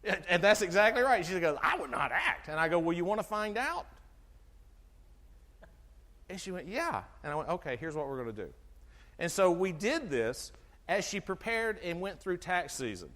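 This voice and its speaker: A middle-aged man giving an animated health talk to an audience, asking them questions and acting out conversations. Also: high voice, normal speed. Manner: animated, asks the audience questions, acts out dialogue. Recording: long hall reverb from a live talk.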